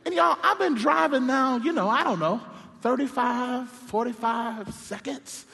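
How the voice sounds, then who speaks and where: High, bright-voiced preacher in a big hall. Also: male voice, measured pace. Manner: animated, playful, self-deprecating asides. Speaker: pastor. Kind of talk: comedic sermon storytelling. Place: large church sanctuary. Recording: long hall reverb.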